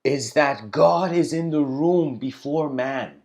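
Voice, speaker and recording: A man giving a reflective spiritual lecture, telling stories slowly with pauses and letting his voice trail off quietly. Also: a little high. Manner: unhurried storytelling with pauses.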